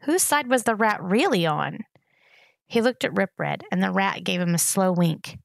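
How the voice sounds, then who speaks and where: A woman reading a novel aloud in steady narration. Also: mid-range voice, normal speed, vocal fry, no room sound, clean studio sound. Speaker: reader.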